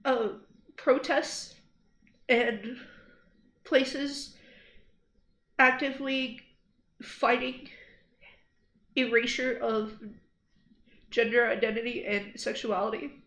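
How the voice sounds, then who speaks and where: Young woman streamer, high voice, slow and halting, upset and angry, in an echoey room. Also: fairly even intonation, a bit bright. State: shaken after crying. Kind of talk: emotional livestream address. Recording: roomy echo.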